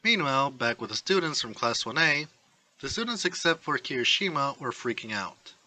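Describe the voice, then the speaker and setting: Bright-voiced man narrating a fan story. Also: mid-range voice, very animated, moderate pace, poor audio. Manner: reads all characters himself.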